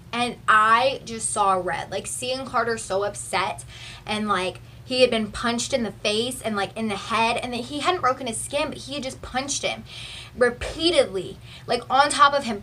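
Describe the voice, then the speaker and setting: A young woman from Texas chatting through a storytime vlog, animated and full of "like" fillers, filmed on a phone. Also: on the high side, distant mic, a little hiss or hum. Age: young adult. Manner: chatty and animated, heavy use of "like". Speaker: vlogger. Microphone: phone camera.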